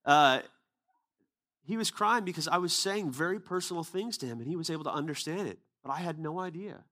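A man delivers a sermon through relaxed personal storytelling. His tone is conversational and unpolished, turning earnest and emphatic as he drives home his message. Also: a little high, a little fast. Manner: casual, conversational retelling with quoted dialogue. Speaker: preacher.

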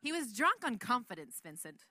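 A woman leads a relaxed Bible teaching, talking in a chatty, rambling way with frequent laughs. Her voice is a little high and notably bright. The sound is dry and close. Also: moderate pace, no room sound.

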